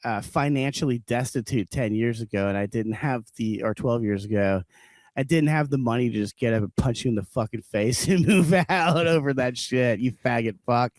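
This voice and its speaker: A man's voice: mid-range voice, normal speed, a little mellow, no echo. A man co-hosting a casual podcast, ranting with heavy swearing and frequent laughter. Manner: profane ranting, laughs often. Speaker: podcast co-host.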